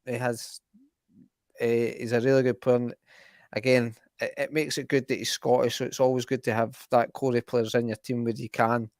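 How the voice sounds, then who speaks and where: A man's voice: medium pitch, little pitch movement, moderate pace, a little mellow, no echo, studio quality. A man co-hosting a football podcast in casual chat, rambling with frequent restarts. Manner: rambling, restarts often, laughs easily. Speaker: podcast co-host.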